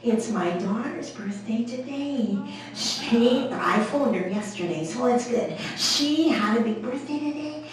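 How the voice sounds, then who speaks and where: A woman's voice: on the high side, lively intonation, a little slow, few pauses. A middle-aged woman giving a humorous storytelling speech to a club, chatty and jokey, acting out both sides of her conversations. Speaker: guest speaker at a women's club event. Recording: echoey hall from far off.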